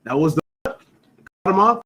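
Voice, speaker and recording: A man's voice: high voice, lively intonation, moderate pace, bright, forceful tone, rough recording. Emphatic man quizzing his Bible class. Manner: quizzing students with repeated questions, emphatic; peppers talk with "you know what I'm saying". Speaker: scripture class teacher. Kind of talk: call-and-response Bible class.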